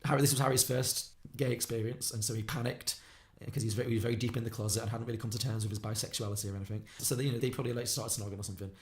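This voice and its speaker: Give me a man recapping a movie at a fast clip for a casual podcast. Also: mid-range voice. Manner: fast, animated retelling of a film plot, acting out lines. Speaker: podcast co-host.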